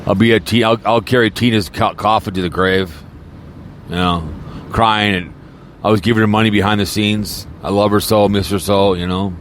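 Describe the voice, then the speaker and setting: A man's voice: lowish voice, fairly even intonation, moderate pace, slight background noise. A man podcaster in a rambling, crude and mocking casual rant, talking from a car. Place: in a car, snowy weather.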